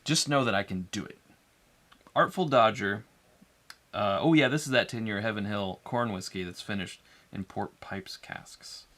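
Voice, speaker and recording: A man co-hosting a live whiskey tasting, joking and talking in an animated way. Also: lowish voice. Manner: animated, playful, quick to joke. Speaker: co-host of a whiskey tasting livestream. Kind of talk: casual chat.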